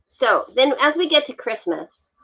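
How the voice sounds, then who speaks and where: A woman guest on a video call talking about wine with a relaxed, enthusiastic manner and frequent fillers. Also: high-pitched, a little slow, poor audio. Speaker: guest, wine communications expert. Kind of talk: casual interview over video call.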